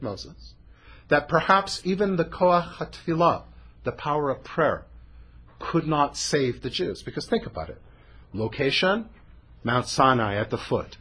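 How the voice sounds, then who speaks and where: A man's voice: fairly high pitch, fairly bright tone, husky. A man teaching a Torah text-study class, explaining animatedly and dropping Hebrew terms into his English.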